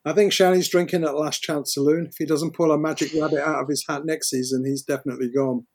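Blunt British man, slightly high voice. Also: steady tone, fast talker, a little mellow, slightly rough, dry recording. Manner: blunt and opinionated. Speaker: podcast co-host. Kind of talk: casual sports chat.

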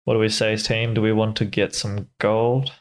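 Low-voiced blunt tabletop player. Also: male voice, level tone, normal speed. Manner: blunt, crude, pushy bargaining. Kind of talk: casual tabletop play.

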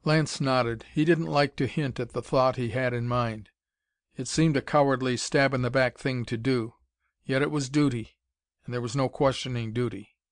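A male narrator reading an adventure story at a steady, even pace. His voice sits in a middle pitch, recorded close and dry. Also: normal speed, no echo. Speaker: audiobook narrator. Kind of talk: scripted narration.

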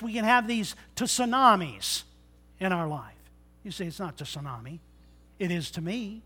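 A middle-aged male pastor preaching a sermon in a church, joking and swinging between loud bursts and quiet asides. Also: high-pitched. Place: church sanctuary.

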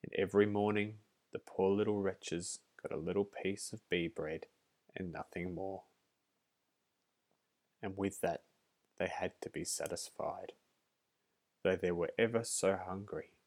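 Slow deep-voiced male storyteller. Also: fairly even intonation, darkish tone. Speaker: narrator. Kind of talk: storybook reading.

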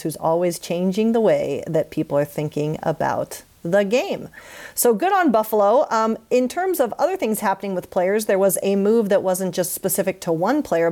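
A woman co-hosting a podcast, running the news segment with puns and self-mocking asides in casual chat. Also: mid-range voice. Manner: punning, self-mocking, lively.

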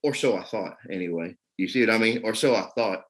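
A man's voice: fairly low pitch, fairly quick, poor audio. Man telling a raw recovery story. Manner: emotional, rambling, many "you know what I mean". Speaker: podcast guest in recovery.

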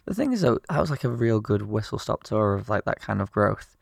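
A man's voice: on the low side, big pitch swings, a little fast, vocal fry, dry recording. A man hosting a podcast, interviewing his guest in laid-back, friendly banter. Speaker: podcast host. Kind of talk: casual interview chat.

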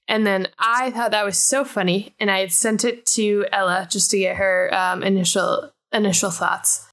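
A woman hosts a relaxed book club chat and talks in quick, loose sentences. She laughs often and fills her talk with "like". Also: mid-range voice. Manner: chatty, laughs often, fillers like "like". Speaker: podcast host.

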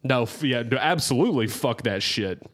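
Animated guy cracking jokes w his buddies, keeps restarting his sentences. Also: mid-range voice, normal speed. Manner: animated, jokey, stumbles and restarts. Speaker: friend in casual chat. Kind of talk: casual chat.

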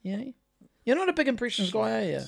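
A man's voice: high voice, sing-song, gravelly. A man, chatting and swearing on a podcast, often stopping and restarting. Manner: swears a lot, halting restarts. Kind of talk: casual podcast banter.

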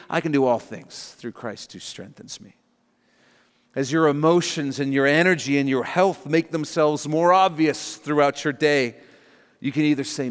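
Male pastor mid-sermon, slightly raised pitch, swings between emphatic and hushed prayer, church hall echo. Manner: dynamic preaching, drops to soft prayerful tones for quoted prayers.

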